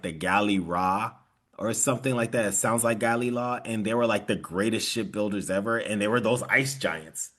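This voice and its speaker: Rambling, animated man on a podcast. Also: fairly low pitch. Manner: animated, laughs often, rambling with restarts. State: tired. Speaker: podcast co-host. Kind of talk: casual chat.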